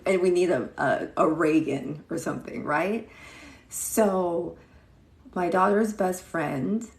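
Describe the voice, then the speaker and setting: A woman in her thirties chats on a livestream, telling a story and greeting viewers by name along the way. Her voice is low and gravelly and she talks slowly. The room around her is echoey. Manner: chatty, greets viewers mid-story, acts out quotes. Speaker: livestream host.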